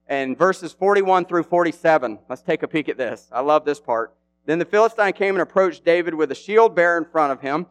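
A man preaching a casual, animated sermon in an easygoing, slang-filled way. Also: fairly high pitch, normal speed.

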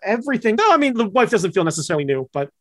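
A man's voice: high voice, big pitch swings, rapid-fire, fairly bright tone. Profane, pleading man on a video call. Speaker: podcast co-host. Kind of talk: casual chat over a video call.

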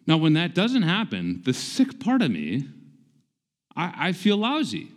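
Lively-voiced man in his forties preaching. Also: on the high side, measured pace. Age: 40s. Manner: conversational, self-deprecating, emphatic repetition. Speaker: pastor. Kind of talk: sermon.

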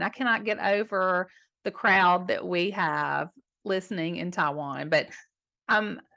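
Chatty Southern woman in her fifties. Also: medium pitch. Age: 50s. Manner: warm, chatty, emphatic, laughs easily. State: slightly hoarse today. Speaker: podcast host answering listener questions. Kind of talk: casual advice chat.

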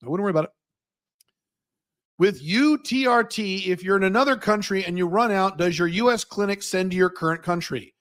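A man's voice: sits high, a little fast, fairly bright tone. A man hosting a livestream Q&A, answering viewer questions in a blunt, profane, opinionated way. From United States.

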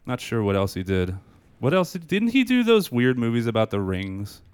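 A man's voice: mid-range voice, wildly swooping pitch, normal speed, a little mellow, clean tone. A man guesting on a podcast in a home room, chatting casually with sarcastic, joking asides. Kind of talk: casual chat.

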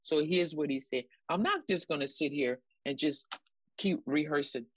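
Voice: mid-range voice, moderate pace, husky, no echo, low-quality recording. A minister teaching a Bible lesson, repeating key points and acting out quotes to the listeners. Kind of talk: sermon-style Bible lesson.

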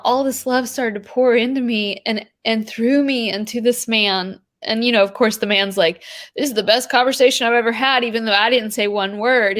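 A woman talking about spiritual practice in an earnest, rambling way, full of "like" and "you know". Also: fairly high pitch. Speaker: podcast guest. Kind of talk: spiritual conversation.

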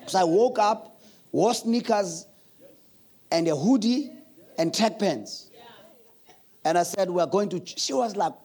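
A man preaches a sermon in a church. His voice sits high for a man, and he tells his stories with plenty of laughter, often slipping into other people's voices. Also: expressive, unhurried, pauses often, darkish tone, slightly rough. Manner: storytelling, laughing, acting out voices. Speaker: pastor.

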